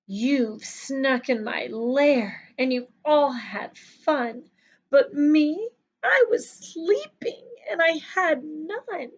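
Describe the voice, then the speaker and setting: A woman's voice: high-pitched, lively intonation, drawn-out words, lo-fi sound, pitched above the performer's own voice, heavily acted. A sulky grumpy bear, as a woman reads him. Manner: whiny, complaining.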